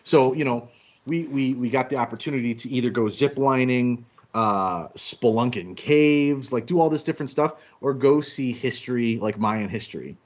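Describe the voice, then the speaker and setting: A man co-hosting a casual chat show, telling travel stories in an animated, self-deprecating way. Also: medium pitch, moderate pace, muffled recording. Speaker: podcast co-host.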